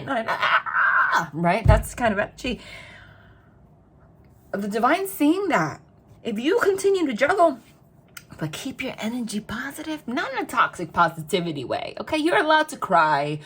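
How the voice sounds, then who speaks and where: A woman's voice: on the high side, animated, moderate pace, fairly bright tone, husky. A woman giving a tarot reading to her viewers, chatty and emphatic, repeating phrases again and again. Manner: chatty and spontaneous, talks straight to the viewer. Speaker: tarot reader.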